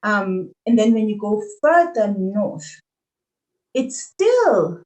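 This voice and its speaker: A woman's voice: mid-range voice, sing-song, slow pace, dark tone, rough recording. A young adult South African woman talking animatedly as a podcast guest, laughing often and restarting her sentences. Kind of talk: conversational interview.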